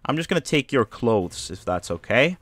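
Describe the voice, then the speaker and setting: A man's voice: mid-range voice, very animated, moderate pace, fairly bright tone. A man streaming a video game, giving casual commentary with rambling, joking asides.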